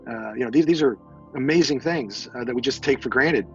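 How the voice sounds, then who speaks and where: A man's voice: mid-range voice, brisk, creaky, muffled recording, faint music behind. A man, a military veteran, answering interview questions casually with many fillers and restarts.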